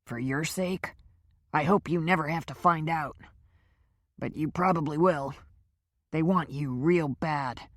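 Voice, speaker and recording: A man's voice: on the high side, a little slow, pauses often, a bit bright, no room sound, clean studio sound. A woman voicing a beaten, frightened male captive who gasps and cries out in pain, in an audiobook. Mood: fearful. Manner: crying out in pain, gasping.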